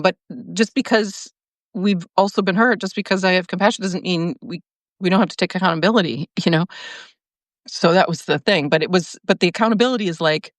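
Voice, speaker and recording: A podcast host with a mid-range voice runs a casual livestream, rambling in a stream of consciousness with many restarts, fillers and frequent laughter. The recording is dry.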